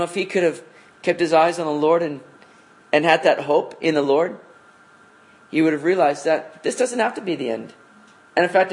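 A man leading a Bible study with a fairly high, light voice. He explains scripture in a relaxed, chatty way and reads passages aloud, checking in with rhetorical questions as he goes. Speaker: Bible teacher. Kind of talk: conversational Bible study teaching.

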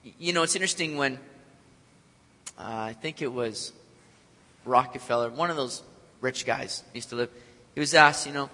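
A man's voice: mid-range voice, normal speed, long pauses, sharp tone. A man preaching a sermon with energy and joking with the congregation. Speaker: pastor. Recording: long hall reverb.

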